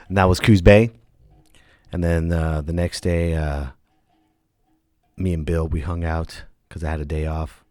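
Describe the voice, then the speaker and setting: Lively storytelling comedian, low and dry. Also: male voice, a little slow, pauses often, dry recording. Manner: animated, jumps into loud impressions of others. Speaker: podcast host and stand-up comedian. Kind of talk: casual storytelling monologue.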